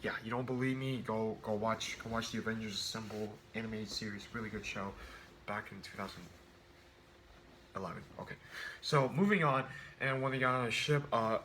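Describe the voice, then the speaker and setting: A man's voice: on the low side, fairly quick, sharp tone, a little hiss or hum. Rambling man reviewing a movie. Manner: rambling, many restarts and fillers, acts out quotes.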